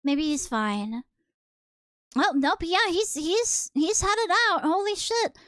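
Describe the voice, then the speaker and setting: A young woman streamer chatting casually through a manga reading, reactive and quick to laugh. Her voice sits high and light, close on the mic, with a dry sound and no room around it. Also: animated, a bit bright, no room sound. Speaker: VTuber streamer.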